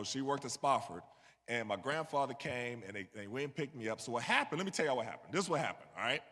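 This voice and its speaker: In a church sanctuary, a New York man delivers a conversational sermon built around a personal story, often checking in with "you know what I mean." His voice is a little high with a fairly bright tone. A long hall reverb fills the recording.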